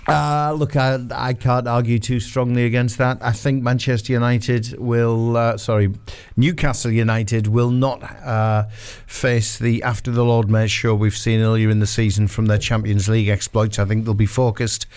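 A man co-hosting a radio football show, giving his match picks in casual chat, pausing often. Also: medium pitch, little pitch movement, a little mellow, clear, resonant tone. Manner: hesitant, fills pauses with um and uh. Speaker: radio co-host.

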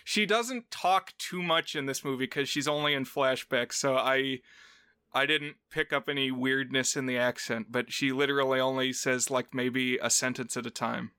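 A man co-hosting a podcast in easy casual chat, his voice bright, forceful and smooth. He talks playfully and slips into short accent impressions, recorded dry and close with no room sound. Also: medium pitch, steady tone, moderate pace, no room sound. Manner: chatty, playful, mimics accents in short bits. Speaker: podcast co-host.

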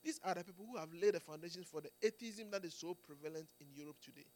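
A man's voice: a little high, quick pace, darkish tone. A man preaching a sermon in an emphatic way, often restarting phrases and checking in with the congregation. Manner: emphatic, with frequent restarts and "Amen"s and "Do you get it?".

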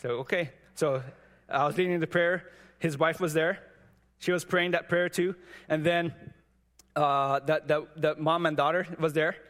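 A man preaching and sharing a testimony, talking in a halting way with many restarts and repeated words, and earnestly urging his listeners on. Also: a little high, fairly even intonation, fairly bright tone. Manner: earnest and exhortative. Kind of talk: sermon with personal testimony. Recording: long reverb, as in a hall.

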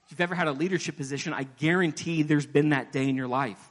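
A man's voice: a little high, fast. A man preaching a sermon in a church, talking to the congregation in a conversational way, with self-deprecating asides and acted-out prayers. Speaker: pastor. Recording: long reverb of a large hall.

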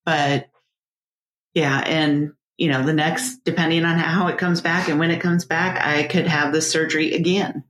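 Woman, low pitch, casual chat, animated storyteller, echoey room. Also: moderate pace. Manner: animated storyteller who acts out quoted dialogue. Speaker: podcast co-host sharing her medical story. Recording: roomy echo.

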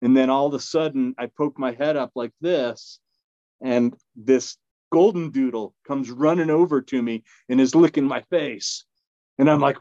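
A man at a middle pitch recounts a story as a guest, rambling through fillers, restarts and quick laughs. The recording is dull and low-fidelity, with a dry, close sound. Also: warm tone, no room sound. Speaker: podcast guest. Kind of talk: casual storytelling.

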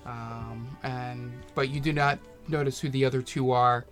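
A man narrating as game master in a tabletop game, talking haltingly with many fillers. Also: mid-range voice, fairly even intonation, fairly bright tone, faint music behind.

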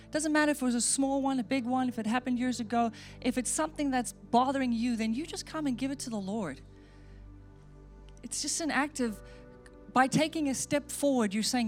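A woman's voice: high voice, a little fast. A woman pastor giving a sermon and altar call, earnest and repeating short phrases as she prays aloud. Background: soft music.

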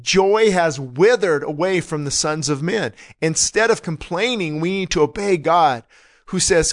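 A man preaching a sermon, his voice sitting a little high for a man. He talks in an earnest, urgent manner, driving his points home with repeated pleas. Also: measured pace. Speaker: pastor.

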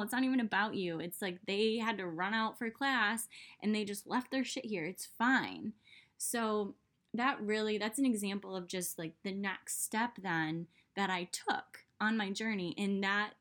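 A woman's voice: medium pitch, fairly bright tone. Chatty young woman talking self-growth. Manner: chatty, many "like" fillers. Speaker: self-development podcaster. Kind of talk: casual monologue.

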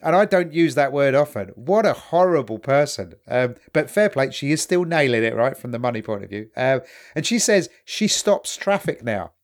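A man's voice: mid-range voice, sing-song, normal speed, hardly any pauses. Sweary man chatting casually. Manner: sweary, conversational, retells scenes. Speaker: podcast co-host. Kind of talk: casual chat.

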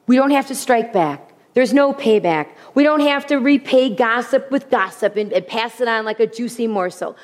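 A woman preaching a sermon with humor, animated, often repeating her key phrases. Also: fairly high pitch, moderate pace, few pauses. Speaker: women's speaker. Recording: long hall reverb.

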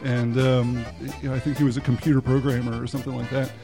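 A man guesting on a podcast as a beer reviewer, telling stories in a relaxed, halting way. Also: medium pitch, music in the background. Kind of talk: casual chat while tasting beer.

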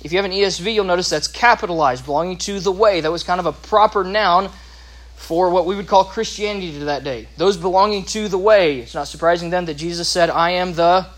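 Man, Bible class teacher, high voice, explanatory asides, restarts. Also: a little fast, a bit bright. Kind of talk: Bible lesson.

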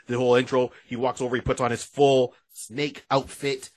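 A man's voice: medium pitch, level tone, fairly quick. A man co-hosting a podcast in casual chat, retelling cartoon plots and quoting the characters. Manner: storytelling, recounts cartoon plots and quotes characters. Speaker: podcast co-host.

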